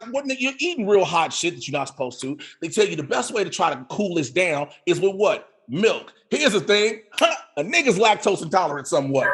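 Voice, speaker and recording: Man, high voice, husky edge, laughing storyteller, video call. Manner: animated, laughing through the story, acting out his own shouts. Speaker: comedy show co-host. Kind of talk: storytelling stand-up. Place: home setup on a video call. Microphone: video call mic.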